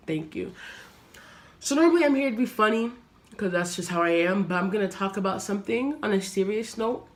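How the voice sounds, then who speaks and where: A young woman talks straight to her camera in a personal vlog. Her delivery is earnest and reflective, with pauses and restarts as she searches for words. Her pitch sits in the middle for a woman. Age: young adult. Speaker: vlogger.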